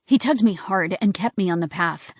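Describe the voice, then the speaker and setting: A woman's voice: mid-range voice, normal speed, no echo, studio quality. A woman giving a tense, dramatic first-person audiobook narration.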